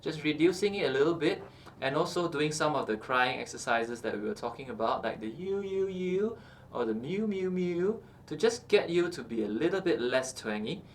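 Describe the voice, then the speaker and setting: A man teaching singing, explaining calmly with many fillers and checking in with "okay" as he goes. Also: mid-range voice, brisk, a little hiss or hum. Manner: explains calmly with frequent uh and okay, breaks into short sung examples. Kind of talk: instructional talk with sung demonstrations.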